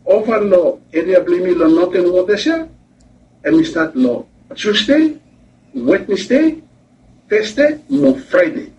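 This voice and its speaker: A man, a weather official giving a halting news interview with rising emphasis. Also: sits high, lively intonation, darkish tone. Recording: dull distant clip with faint noise.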